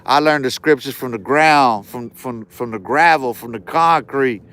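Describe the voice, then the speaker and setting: A man's voice: medium pitch, a little slow, fairly bright tone. A man ranting on a live stream in casual street slang, heated and repeating himself.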